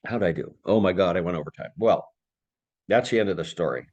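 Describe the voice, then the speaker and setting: A man's voice: deep voice, a little fast, a little mellow, highs cut off. A man giving an informal talk over a video call, rambling and teasing in a jokey way. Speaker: lecturer.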